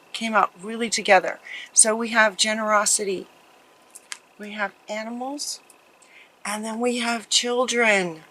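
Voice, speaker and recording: A woman giving a spiritual tarot card reading, talking in a meandering, earnest way and sometimes dropping to a hush. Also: medium pitch, poor audio. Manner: slow, meandering and earnest, with soft sighs and laughs. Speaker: tarot reader.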